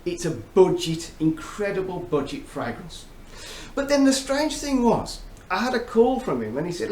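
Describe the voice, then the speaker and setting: A man's voice: a little high, sing-song, normal speed, darkish tone. A middle-aged man reviewing fragrances in a chummy, chatty, storytelling way. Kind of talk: casual chat to camera. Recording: roomy echo, faint background noise.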